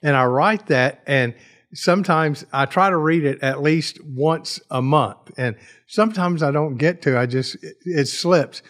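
A man's voice: fairly high pitch, unhurried, a bit bright. A male author, a guest on a talk show, speaking earnestly and reflectively about his practice of faith. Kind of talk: casual chat.

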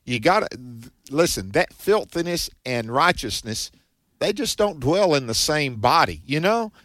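A man's voice: mid-range voice, fairly bright tone, no echo. A man co-hosting a conversational Bible teaching, emphatic and preacherly, often saying amen. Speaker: co-host.

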